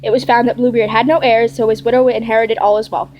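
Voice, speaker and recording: Woman reading a fairy tale out loud, pretty quick, bit high, faint hum in back. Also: little pitch movement, lo-fi sound. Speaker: reader.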